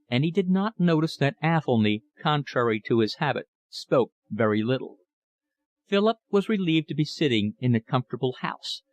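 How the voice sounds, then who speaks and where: Man narrating an audiobook, measured. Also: fairly high pitch, dry recording. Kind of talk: scripted narration.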